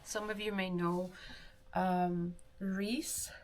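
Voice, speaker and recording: A woman's voice: lowish voice, little pitch movement, drawn-out words, a little mellow. A woman livestreamer chatting casually with viewers, rambling and answering chat while she does her hair. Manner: rambling, with restarts.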